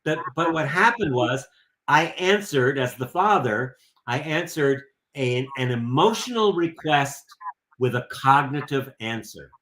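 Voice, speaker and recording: A man's voice: mid-range voice, lively intonation, unhurried, a bit bright, slight background noise. A man in casual conversation, speaking reflectively with frequent restarts. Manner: reflective, searching, many restarts.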